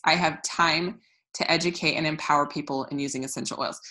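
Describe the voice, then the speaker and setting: A woman with a low voice and a bright, forceful tone talks casually to her sales team as their coach. She is chatty, restarts her sentences often and laughs at her own slips, recorded on a phone. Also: steady tone, a little fast, rough recording. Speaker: network marketing team leader. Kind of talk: casual motivational training talk.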